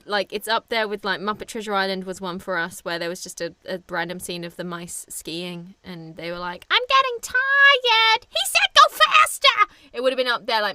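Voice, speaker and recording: A woman's voice: medium pitch, background noise. A young woman co-hosting a film podcast, chatting casually and enthusiastically, laughing often. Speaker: podcast co-host.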